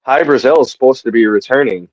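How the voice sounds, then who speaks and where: A man's voice: mid-range voice, fast talker, dry recording, highs cut off. A man from the northern United States, a podcast guest who chats casually and laughs often. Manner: laid-back, laughs often. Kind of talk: casual chat.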